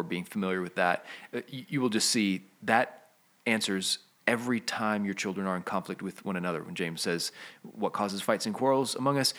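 A man with a low, deep voice talks through a podcast discussion. He explains in a steady, teaching manner, laying out one question after another. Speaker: podcast co-host.

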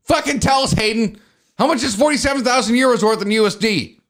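A man's voice: very high-pitched, fast, fairly bright tone. A tired man hosting a podcast, talking in blunt, combative, profane casual banter. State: tired from lack of sleep. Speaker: podcast host.

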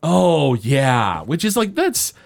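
A man recapping a cartoon episode in casual podcast chat, rambling and halting with many fillers. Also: a little high, huge pitch swings, creaky.

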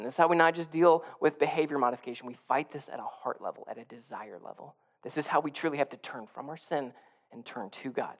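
A male pastor with a medium-pitched voice preaches a conversational sermon. He often repeats and restarts phrases, building up to emphatic peaks.

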